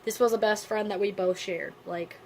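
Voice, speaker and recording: A woman vlogger telling a personal story to the camera in a subdued, halting voice with many pauses, candid and casually blunt. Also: mid-range voice, fairly even intonation, darkish tone, poor audio.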